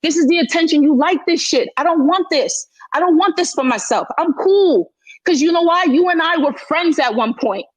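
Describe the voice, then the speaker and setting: This Haitian-heritage woman, likely in her thirties, speaks at normal speed in a high voice with no echo, though the phone audio is dry and slightly dull. She's heated in an audio chat room, pressing her point emphatically and repeating it in her own defense.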